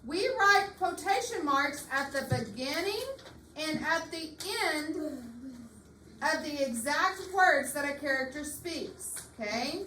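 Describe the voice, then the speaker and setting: A woman teacher leading a reading lesson in a classroom, patient and slow, repeating her questions. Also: high-pitched, animated, bright, forceful tone. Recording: echoey classroom, far mic, faint hiss.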